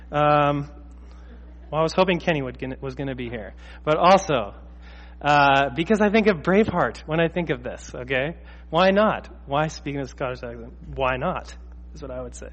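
A man's voice: a little high, long reverb tail. A man preaching a sermon, earnest and emphatic, who repeats his key phrases for effect.

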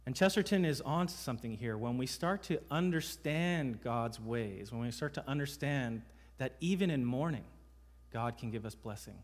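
A man's voice: mid-range voice, lively intonation, normal speed. Emphatic male pastor preaching in a hall. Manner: emphatic preaching with rhetorical questions. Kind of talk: sermon. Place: church sanctuary. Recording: reverberant hall sound.

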